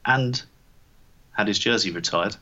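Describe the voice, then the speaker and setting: A man's voice: fairly low pitch, a little slow, bright, forceful tone, muffled recording. A man co-hosting a podcast in casual sports chat, teasing and laughing easily. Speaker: podcast co-host.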